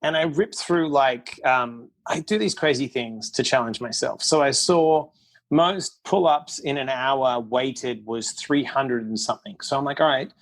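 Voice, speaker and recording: A man's voice: medium pitch, measured pace. A middle-aged man, a podcast guest, tells a personal story candidly and bluntly, acting out quotes as he goes. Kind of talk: casual storytelling interview.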